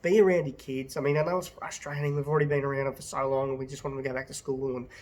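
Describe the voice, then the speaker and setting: Aussie bloke venting into his phone, fired up and sweary, mid-pitch voice, says stuff twice. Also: little pitch movement, rapid-fire, a little mellow, a little hiss or hum. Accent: Australian. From Australia. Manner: passionate and blunt, swears, repeats himself. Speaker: vlogger and business owner. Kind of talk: casual to-camera rant.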